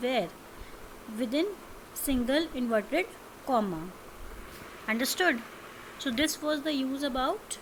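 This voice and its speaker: A bright, somewhat high voice from an Indian English woman teaching a grammar class. She explains each rule slowly and keeps checking with her students. A faint hiss sits under the recording. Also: rough recording. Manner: slow, explanatory, repeats and quizzes with "understood?".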